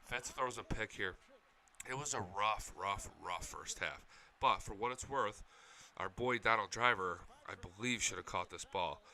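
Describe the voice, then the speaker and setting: Excitable man talking football, bright voice. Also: fairly low pitch, measured pace. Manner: excited fan, swears, talks back to the footage. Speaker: sports channel host. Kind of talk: casual sports chat over game highlights.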